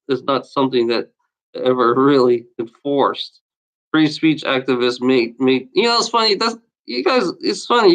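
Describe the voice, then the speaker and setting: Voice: mid-range voice, low-quality recording. A vlogger reading out odd laws and ranting about them, swearing constantly and scoffing in exasperation. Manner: scoffing laughter between readings.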